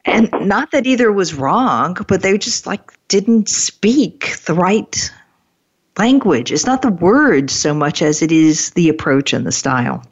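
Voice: mid-range voice, big pitch swings, unhurried, breathy edge, highs cut off. An interview host who affirms the guest and adds reflective examples of their own. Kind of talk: conversational interview.

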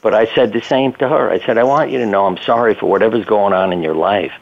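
A man's voice: lowish voice, quick pace, vocal fry. An older man, a physician and interview guest, telling plainspoken anecdotes in a casual conversational way, with the odd curse. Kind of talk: conversational storytelling. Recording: tinny phone line.

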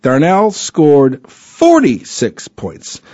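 A man's voice: a little high, huge pitch swings, very slow, warm tone, no echo. Rambling man on a dull lo-fi mic. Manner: rambling, many fillers and restarts; chatty and joking. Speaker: podcast host. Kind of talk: casual chat. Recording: dull lo-fi recording.

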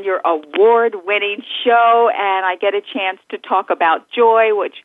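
A woman's voice: medium pitch, fairly even intonation, unhurried, hardly any pauses, dry recording. A middle-aged woman, a joy and empowerment facilitator, speaking as a podcast guest in an effusive, heartfelt way. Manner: effusive and heartfelt, laughs often. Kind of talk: interview conversation. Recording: tinny phone line.

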